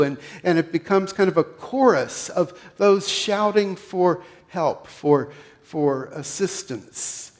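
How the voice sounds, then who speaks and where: A man with a Pennsylvania accent preaching a sermon as pastor, leading listeners through a story in a slow, guided way that swells loud and then falls to a hush. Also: on the high side.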